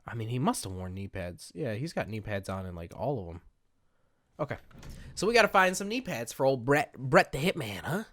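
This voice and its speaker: A chatty man rambling through casual gameplay commentary, poking fun at himself as he goes. His pitch bounces up and down a lot as he talks. The sound is dry and close, with no room echo. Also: big pitch swings, brisk, fairly bright tone. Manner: rambling, chatty, self-mocking. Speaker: gaming video creator.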